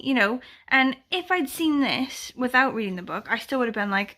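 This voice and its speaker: A woman's voice: high voice, expressive, a little fast, few pauses, a bit bright. A woman vlogging casually about books, rambling and chatty and full of fillers, talking from home. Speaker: book vlogger, readathon co-host. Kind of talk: casual chat to camera.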